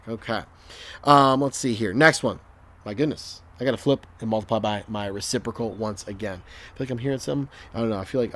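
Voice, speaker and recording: A young male math teacher working through review problems in a casual, joking way, recorded at home on a desk microphone. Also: mid-range voice. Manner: chatty, jokey, talks to students as he works.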